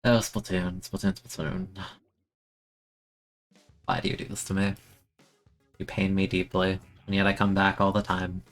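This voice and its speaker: A young man commentates his own gameplay in a lowish voice, swinging between excitable outbursts and mock despair, often stammering and repeating himself. Faint game music plays behind him. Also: unhurried, pauses often. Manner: excitable, giggly, self-mocking, stammers and repeats words. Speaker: streamer playing a video game.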